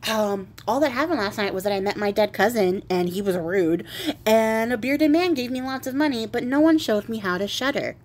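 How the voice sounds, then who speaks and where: A woman's voice: fairly high pitch, lively intonation, moderate pace, darkish tone, natural voice. Cocky young man, unflappable, cheeky, read by a woman. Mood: whiny.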